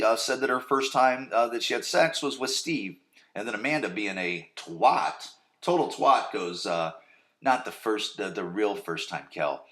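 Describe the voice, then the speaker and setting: A man's voice: lowish voice, fairly bright tone. A man hosting a podcast, casually recapping a TV episode in a rambling, crude way and often checking in with "right?". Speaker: podcast host.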